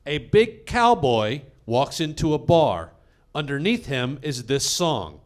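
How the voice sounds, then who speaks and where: A man telling a funny story from his school days, deliberate, singing bits of an old jingle. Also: on the high side, lively intonation. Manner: deliberate, sings jingle lines. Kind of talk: comedic storytelling.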